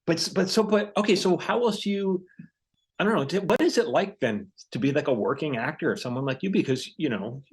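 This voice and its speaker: A man hosting a podcast, interviewing a guest in casual talk with quick replies and follow-up questions. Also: fairly high pitch. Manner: conversational, quick back-channel replies. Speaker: podcast host and screenwriter.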